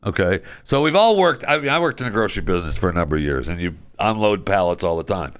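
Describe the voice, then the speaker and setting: A man's voice: low-pitched, animated, fast, a bit bright, smooth, no room sound, clean studio sound. A man hosting a talk show, delivering a casual monologue with chatty, opinionated asides and wry humor. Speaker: radio show host.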